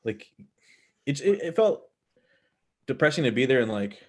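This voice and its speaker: A man's voice: mid-range voice, sing-song, a little fast. A young man co-hosting a podcast, chatting casually with joking, profane banter. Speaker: podcast co-host. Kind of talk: casual chat.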